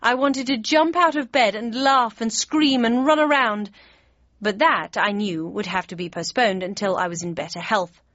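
A woman reading a novel aloud in the first person, in a wry, measured storytelling manner. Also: on the high side, fairly bright tone, no echo, lo-fi sound. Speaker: audiobook narrator. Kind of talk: scripted first-person narration.

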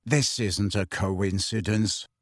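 A man reading aloud and voicing a tense, angry teenage boy wizard who speaks low and clipped. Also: steady tone, slow, no echo, clean studio sound.

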